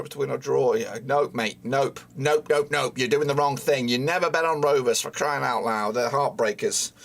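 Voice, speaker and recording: A man's voice: a little high, creaky. A man streaming a live football watchalong who is frustrated, swears often and talks at the players on screen. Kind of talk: live match watchalong commentary.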